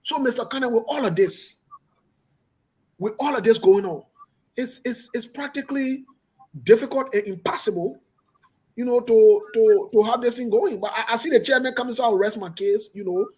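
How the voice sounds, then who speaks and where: A man runs a political talk show, pressing his points with emphatic repetition. His voice has a husky, breathy edge. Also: very high-pitched, normal speed, a little mellow.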